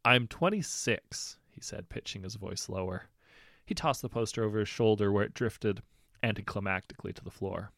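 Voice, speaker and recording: Male narrator, lowish and lively, comic fairy tale, dry close recording. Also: brisk, vocal fry, dry recording. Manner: wry, conversational asides. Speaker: storyteller.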